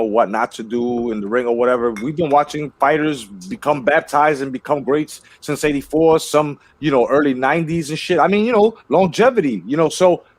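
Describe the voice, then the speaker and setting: A man's voice: fairly high pitch, no echo. A man hosting a casual boxing livestream, talking in a heated, profane way and often repeating himself. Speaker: livestream host.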